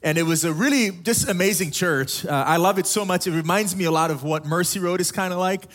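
A man's voice: high-pitched, fairly quick, a bit bright. A young adult man from Africa, a pastor giving a sermon in a casual, storytelling way with humorous asides.

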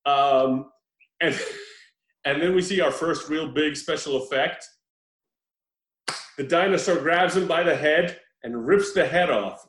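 A man hosting a casual podcast chat, telling a story in an animated way, laughing often and swearing freely. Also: fairly high pitch. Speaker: podcast host reviewing a film. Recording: roomy echo.

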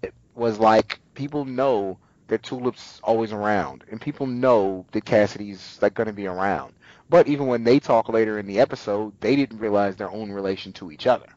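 A man's voice: on the low side, normal speed, dry recording, muffled recording. A man co-hosting a casual show, animatedly retelling scenes and acting out lines. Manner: animated retelling, acts out quotes. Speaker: podcast co-host. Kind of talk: casual recap chat.

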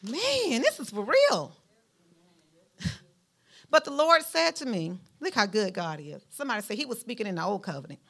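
A woman's voice: moderate pace, vocal fry, long pauses. A woman with a Southern Alabama drawl preaching a sermon, folksy and emphatic, talking straight to her congregation. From Mount Vernon, Alabama, US. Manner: animated preaching with a lively pitch, rising to emphatic peaks; folksy, speaks directly to the congregation.

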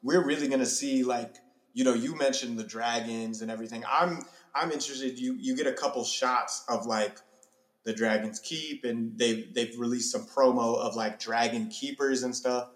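A man's voice: mid-range voice, steady tone, moderate pace, reverberant. A man talking in a chatty, analytical way with some slang and swearing, as a podcast co-host. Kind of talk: casual chat.

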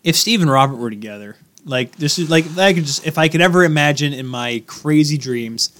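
A young man co-hosting a casual sports podcast, loud and ranting as he argues and jokes with his friend. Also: fairly high pitch, expressive, fairly quick. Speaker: podcast co-host.

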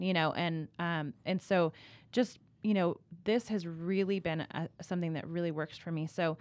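A woman co-hosting a casual faith discussion, enthusiastic and animated, quick to laugh. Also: on the low side. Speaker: podcast co-host.

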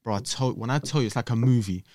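A young man spins his stories at a quick clip, voicing the people in them. His voice sits in the middle of the male range, and the studio sound is dry and close with little room echo. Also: mid-range voice. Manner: animated, acts out voices in his stories, London slang. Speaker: podcast guest. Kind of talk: casual storytelling chat. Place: podcast studio.

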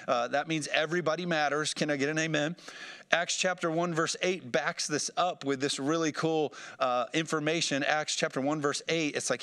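Guy pastor preaching a sermon, kinda high voice, lively, asks for amens. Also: normal speed, smooth. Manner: animated preaching with call-and-response asks.

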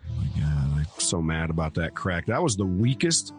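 A man's voice: deep voice, big pitch swings, moderate pace, soft background music. A man in a casual stream chat who talks bluntly and with crude banter.

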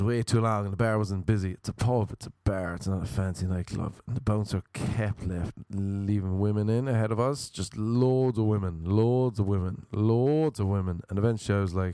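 Irish male podcast host, young adult, lowish voice, dry close sound; sardonic, sweary ranting delivery. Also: a little fast, few pauses, mellow, dry recording. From Ireland. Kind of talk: casual comedic monologue.

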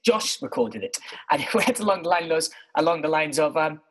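A man with a husky, slightly rough voice, telling stories about his past in a casual, animated way. His pitch swings up and down a lot as he mocks himself and throws in the odd swear word. He talks from his bedroom like a podcast co-host chatting on air. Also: moderate pace, rough recording. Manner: animated, self-mocking, swears freely. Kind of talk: casual storytelling monologue.

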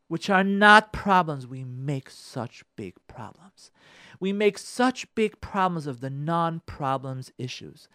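Give me an animated man telling a story to listeners, his voice rising and falling a lot, recorded dry. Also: on the high side, takes it slowly, no room sound. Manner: animated, repeats phrases for emphasis; addresses listeners directly. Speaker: radio show speaker giving marriage advice. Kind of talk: storytelling talk on relationships.

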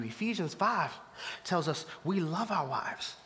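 Fiery high-voiced male preacher. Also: a little slow, slight background noise. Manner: animated preaching, swings from hushed to shouting, laughs along. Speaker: pastor. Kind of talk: sermon. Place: church before a live congregation.

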